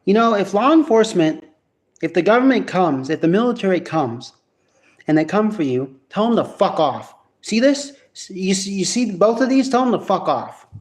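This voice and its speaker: High-voiced man ranting, profane and rambling. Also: big pitch swings, moderate pace. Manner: rambling, profane, many restarts. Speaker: vlogger. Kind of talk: casual vlog rant to camera. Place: at home.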